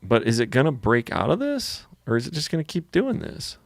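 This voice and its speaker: A man's voice: medium pitch, wildly swooping pitch, fairly quick, gravelly, no room sound, studio quality. A man chatting casually on a live show, thinking aloud and hesitating, often saying "dude". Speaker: co-host trading live. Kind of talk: casual live-stream chat.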